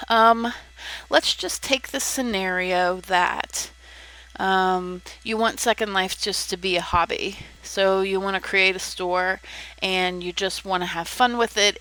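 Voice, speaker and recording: A young woman talks through her advice in a relaxed vlog style, pausing often with ums and restarting sentences. Her voice is bright and clear at a middle pitch. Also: poor audio. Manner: chatty, with frequent ums and restarts. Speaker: content creator giving advice. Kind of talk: casual tutorial vlog.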